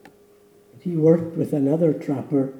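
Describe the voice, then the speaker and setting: A man's voice: on the high side, fairly even intonation, unhurried, echoey room, muffled recording. A man preaching a sermon in a church, telling a story dramatically and then leading a solemn prayer. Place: church sanctuary.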